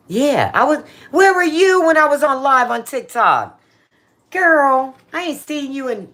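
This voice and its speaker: Woman, livestream cooking host, chatty and playful, very animated pitch, phone mic in a home kitchen. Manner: chatty and playful, talks straight to her viewers, Southern slang. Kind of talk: casual livestream chat while cooking.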